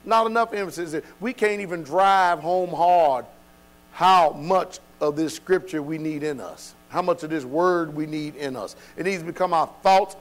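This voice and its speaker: With a fairly high voice at normal speed, a man teaches a Bible study in an emphatic, preacherly rhythm, speaking informally with dropped verbs. He keeps posing rhetorical questions to listeners, while a low electrical hum runs beneath the recording.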